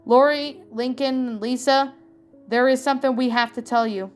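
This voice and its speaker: A woman's voice: high-pitched, steady tone, normal speed, clean tone, faint music behind, natural voice. A woman reading a cartoon father's lines in a fan story, apologetic and plain. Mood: sorry. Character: father Lynn Loud Sr., middle-aged man, apologetic.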